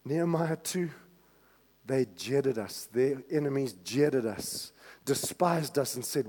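A male pastor preaching a sermon, swinging from hushed tones to shouts. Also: mid-range voice, animated, measured pace, slightly rough, long reverb tail.

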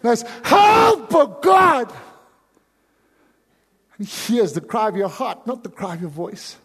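A South African man preaching a sermon as pastor, dropping to hushed pleading and then rising to sudden loud cries. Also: high-pitched, a little fast, creaky, husky, in a large hall.

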